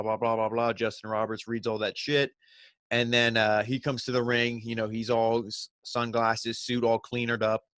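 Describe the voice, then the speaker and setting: A man's voice: mid-range voice, a bit bright, dry recording. A man casually recapping and reviewing a wrestling show, rambling with lots of fillers. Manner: loose, rambling, heavy on "you know" and "like".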